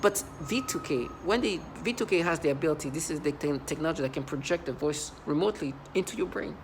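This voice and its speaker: A vlogger speaking in an agitated, intense personal monologue that keeps restarting and breaking into quoted asides, swinging between loud outbursts and low muttering. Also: fast, noisy background.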